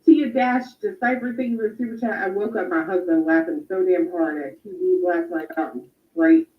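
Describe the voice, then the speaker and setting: A woman's voice: on the low side, lively intonation, moderate pace. A woman reads super chats on a casual stream and comments with blunt, profane mockery. Her voice comes through roomy and dull, like lo-fi audio. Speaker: co-host reading super chats.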